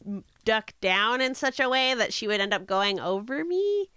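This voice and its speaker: Bright, lively woman at a tabletop game. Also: a little high, moderate pace, clear, resonant tone. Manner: animated and playful, laughing. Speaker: player. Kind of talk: casual tabletop game chat.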